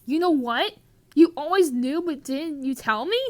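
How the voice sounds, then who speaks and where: A woman's voice: high voice, animated, measured pace, pitched above the performer's own voice. A woman voicing an anxious young boy wizard in a comedic script reading. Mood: startled.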